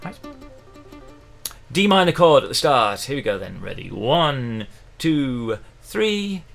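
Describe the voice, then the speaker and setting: A man's voice: mid-range voice, sing-song, normal speed, creaky, fairly bright tone, faint music behind. A middle-aged man, teaching ukulele in a chatty, encouraging livestream lesson, counting in the beats. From England. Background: faint ukulele playing.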